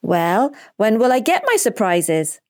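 A woman voicing an eager, impatient young boy in a children's story, speaking in high, breathless squeals. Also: very animated, unhurried, no echo, clean studio sound. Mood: excited.

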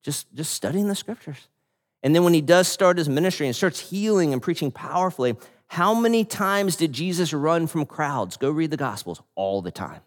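Male pastor, sermon, animated storyteller, swooping intonation, long hall echo. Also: a little high, normal speed. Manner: animated storyteller, laughing, frequent restarts.

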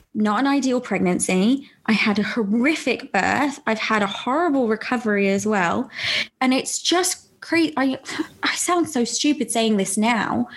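A young woman with a fairly high voice hosts a casual podcast conversation. She tells her story in an animated way and laughs often as she talks. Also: breathy edge. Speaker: podcast host. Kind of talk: casual interview chat.

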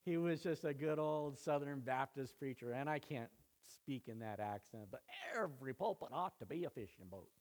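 A man preaching a sermon to his church, building emphasis through repeated phrases and easing into quiet prayer. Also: mid-range voice, lively intonation, normal speed, hardly any pauses. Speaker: pastor.

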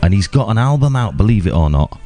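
A man with a very deep, mellow voice co-hosts a casual podcast chat. His pitch swings widely as he teases his partner bluntly and swears freely, with faint music in the background. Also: very animated, fast talker. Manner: dry, blunt teasing with frequent swearing. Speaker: podcast co-host.

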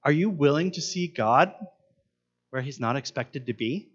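A man's voice: on the high side, animated, moderate pace, muffled recording. A man preaching a sermon, earnest and asking his listeners many questions. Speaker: pastor.

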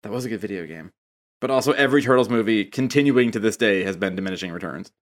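A man's voice: fairly low pitch, lively intonation, quick pace. A man in a casual podcast chat, explaining jokes at length to his co-hosts. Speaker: podcast co-host.

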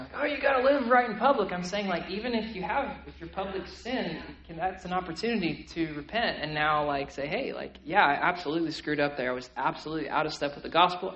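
A young male pastor delivers a lively, conversational sermon, peppering his points with casual fillers and asides. His voice is bright and forceful, sitting slightly high for a man. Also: highs cut off. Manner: animated, conversational preaching with filler words.

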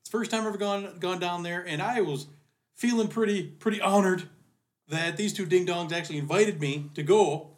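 A man's voice: high voice, brisk. A young man and podcast co-host in casual chat, hesitant and sometimes exasperated, with many fillers.

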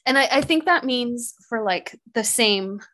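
A woman's voice: a little high, lively intonation, measured pace, fairly bright tone. A young woman co-hosting a podcast, telling a true crime case in casual chat full of "like" and "um". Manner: chatty, heavy use of "like" and "um".

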